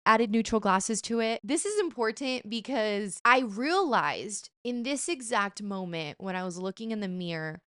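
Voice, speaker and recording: A young woman vlogging in a chatty, animated, self-mocking way, sometimes slipping into playful put-on voices. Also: a little high, no room sound, clean studio sound. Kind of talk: casual chat.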